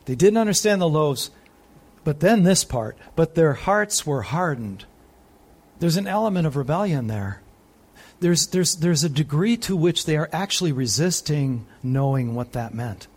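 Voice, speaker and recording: With a husky voice and a slightly slow pace, this preacher delivers a Bible sermon that moves from emphatic, excited high points to quiet, gentle reflection. Along the way he reads passages aloud and asks his audience questions.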